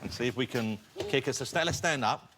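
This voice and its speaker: A man's voice: medium pitch, fairly quick, fairly bright tone, slight background noise. A man hosting a comedy talk show in a studio, joking with guests and laughing a lot. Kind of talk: playful studio chat. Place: TV studio with live audience.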